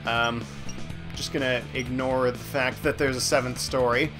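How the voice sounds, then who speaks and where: A man talks through his game in a loose, rambling way, poking fun at himself as he goes. His pitch sits in an ordinary middle range, and bright game music plays under his voice the whole time. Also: level tone, moderate pace. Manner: rambling, self-mocking, offhand. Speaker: let's play host. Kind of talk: casual gameplay commentary.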